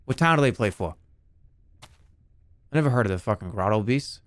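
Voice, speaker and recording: Picture a hot-headed sports fan whose ranting voice leaps up and down as he curses everything in sight, as a man puts him on for laughs. The voice sits a little higher and louder than the speaker's usual one, and every line is indignant and profane. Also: expressive, moderate pace, dry recording, natural voice. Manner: ranting, swearing. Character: irate, profane male Boston sports fan.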